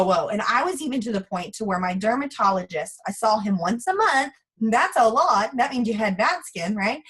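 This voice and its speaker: A woman's voice: on the high side, slightly rough, low-quality recording. A woman in her thirties with a drawl, giving a frank, chatty motivational talk to a sales team. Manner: chatty, frank and animated, acts out quoted voices. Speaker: guest speaker for a sales team.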